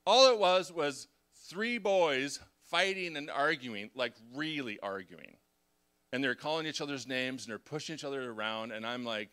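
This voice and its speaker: A middle-aged man, a pastor preaching a confessional sermon who swings between hushed reflection and loud, animated storytelling. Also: mid-range voice, unhurried, smooth.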